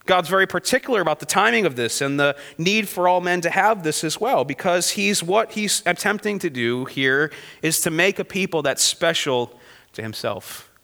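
Man, Bible teacher, bright forceful voice, slightly high, conversational, rhetorical questions, long hall reverb. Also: moderate pace, gravelly. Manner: reads scripture aloud between casual remarks.

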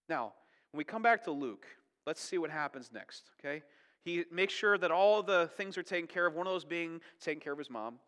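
A man's voice: fairly high pitch, bright, forceful tone, long reverb tail. A man preaching a sermon in a chatty, conversational way, often checking in with "right?" and "okay?". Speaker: pastor.

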